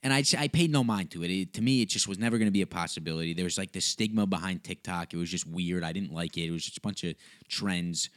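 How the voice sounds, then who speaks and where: Young guy on his podcast, low voice, rambles off on tangents, swears casually. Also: fast. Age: young adult. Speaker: podcast host. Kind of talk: casual storytelling.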